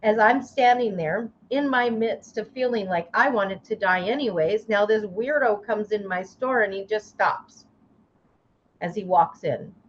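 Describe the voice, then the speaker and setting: A woman guest, a life coach, telling a personal story in an interview with intense emotion and halting restarts. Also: medium pitch. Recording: slightly dull, lo-fi sound with faint noise.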